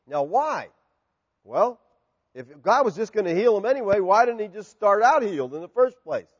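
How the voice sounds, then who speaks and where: Animated high-voiced male preacher. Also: moderate pace, husky, big-room sound, lo-fi sound. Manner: animated preaching, swings from loud to hushed. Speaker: pastor. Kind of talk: sermon.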